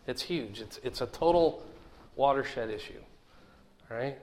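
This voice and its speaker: A man's voice: medium pitch, measured pace. A middle-aged man teaching a conversational Bible lesson in a folksy way, often checking in with his listeners. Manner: folksy, asks the listeners questions.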